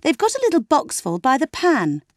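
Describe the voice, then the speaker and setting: A shrill, wailing teenage girl. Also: sing-song, moderate pace, a little mellow, dry recording, clean studio sound. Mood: indignant. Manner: clear, penetrating, wailing.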